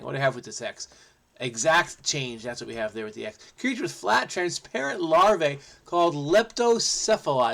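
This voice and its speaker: Upbeat man thinking aloud, a bit high. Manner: energetic, playful, muttering to himself between clues. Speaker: crossword solving channel host. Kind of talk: thinking aloud while solving a puzzle.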